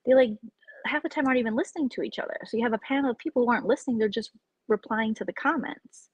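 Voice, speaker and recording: Husky-voiced woman chatting on a live stream. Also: on the high side, very fast, no room sound, muffled recording. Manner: rambling, opinionated commentary, reacting to chat. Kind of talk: casual live-stream chat.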